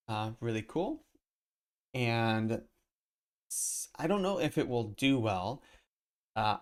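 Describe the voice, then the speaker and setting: Guy on a desk mic streaming from home, kinda low voice, rambly, keeps restarting his thoughts. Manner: rambling, self-interrupting, thinking aloud. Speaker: crypto collectibles streamer. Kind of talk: casual live-stream commentary.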